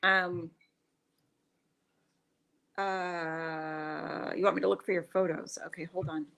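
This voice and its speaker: A woman's voice: on the low side, flat delivery, slow, creaky, fairly bright tone. A middle-aged woman co-hosting a livestream, chatting casually and laughing easily. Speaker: livestream co-host. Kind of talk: casual chat.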